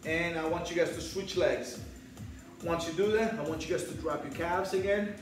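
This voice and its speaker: In this fitness class coaching clip, a man with a slightly high voice shouts counts and encouragement to his spin riders over loud music, somewhat out of breath and at a moderate pace. The mic is distant, the reverb heavy, and the audio poor.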